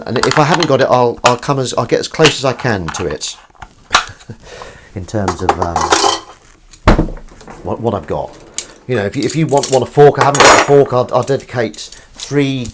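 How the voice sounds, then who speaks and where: While cleaning dishes at the sink in his home kitchen, a man livestreams, reading viewers' comments and rambling self-deprecatingly. The recording is very noisy with clattering dishes and cutlery behind him. His mid-range voice has lively intonation and a moderate pace.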